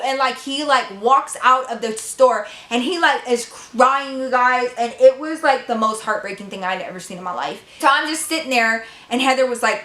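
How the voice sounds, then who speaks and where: A woman in her twenties telling a storytime vlog, profane and animated, talking straight to her viewers. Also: on the high side, brisk, hardly any pauses. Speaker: vlogger. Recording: echoey room.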